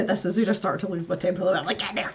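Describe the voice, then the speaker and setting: A woman's voice: on the low side, fairly even intonation, rapid-fire, a little mellow, a little hiss or hum. A woman hosting a casual live stream, chatting to her viewers as she builds, laughing often and muttering to herself. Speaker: livestream host.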